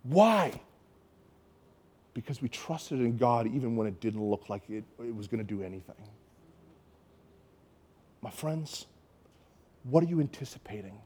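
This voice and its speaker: A man's voice: mid-range voice, measured pace, long pauses, slightly rough. A man from Canada preaching, telling a story and acting out the people in it. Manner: animated storytelling, acts out quoted voices. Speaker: pastor. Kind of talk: sermon storytelling.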